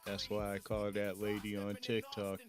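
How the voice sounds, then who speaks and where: A host chatting casually, with relaxed brief replies. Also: sits low, normal speed, faint music behind. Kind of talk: casual chat.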